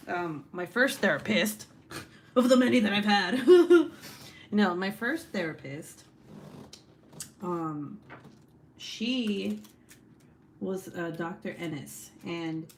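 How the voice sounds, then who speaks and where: A woman's voice: lowish voice, a little hiss or hum. A young woman hosting a casual livestream, chatting and laughing often as she reads the chat aloud, swearing freely. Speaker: livestream host.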